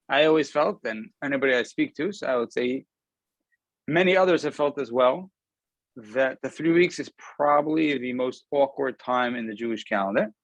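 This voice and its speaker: A rabbi gives an informal Torah talk over a video call. His voice sits at an ordinary middle pitch and sounds dry and close. He talks conversationally and pauses often with ums. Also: no room sound, poor audio. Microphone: video call camera.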